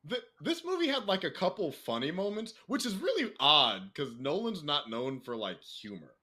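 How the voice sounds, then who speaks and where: A young man co-hosting a casual podcast, talking freely with swearing and laughter, jumping into a high excited voice. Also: normal speed, slightly rough. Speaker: podcast co-host. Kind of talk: casual chat.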